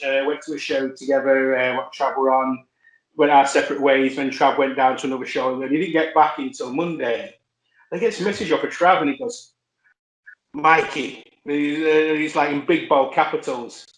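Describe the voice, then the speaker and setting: A man telling rambling, self-correcting stories as a podcast guest. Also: medium pitch. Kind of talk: casual anecdote chat. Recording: roomy echo.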